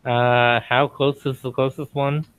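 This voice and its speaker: A man's voice: medium pitch, little pitch movement, measured pace, a bit bright, no echo, rough recording. A man playing a tabletop game, methodical as he works through his turn. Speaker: player.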